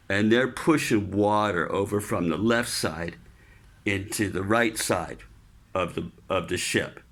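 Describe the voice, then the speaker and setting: A man telling a casual story about his Navy days, loose and relaxed, dropping in swear words and "man". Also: lowish voice. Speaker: podcast storyteller, Navy veteran.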